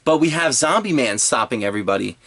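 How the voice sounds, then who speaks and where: A man's voice: mid-range voice, animated, fast, a bit bright, husky. A man reviewing a manga chapter in a casual, rambling chat full of fillers and restarts.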